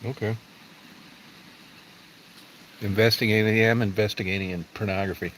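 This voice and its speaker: A man's voice: on the low side, steady tone, moderate pace, fairly bright tone, a little hiss or hum, low-quality recording. A middle-aged man livestreaming, chatting with viewers in a blunt, profane, rambling way. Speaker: livestream host. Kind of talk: casual livestream chat answering viewers.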